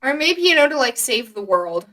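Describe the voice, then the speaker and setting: Bright, high-voiced young woman co-host. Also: sing-song, normal speed. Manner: hesitant, joking, trails off with fillers. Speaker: podcast co-host. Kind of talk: casual chat.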